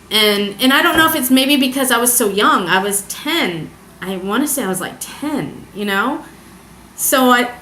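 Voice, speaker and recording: A young woman telling a personal story in a confessional vlog, halting and hesitant, emotional as she searches for words. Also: on the high side, pushed and bright. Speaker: vlogger. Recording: echoey room.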